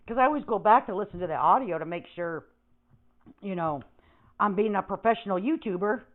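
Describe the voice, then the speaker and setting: An older woman hosts a livestream, ranting brashly and profanely as she rambles. Her mid-range voice has lively intonation and a slightly quick pace, coming through tinny and phone-like with static.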